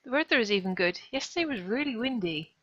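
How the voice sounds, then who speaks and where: A woman's voice: on the high side, expressive, quick pace, fairly bright tone. Woman reading a game aloud. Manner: wry asides between dialogue. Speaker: streamer. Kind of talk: reading a visual novel aloud with commentary. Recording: dull lo-fi stream audio, faint music.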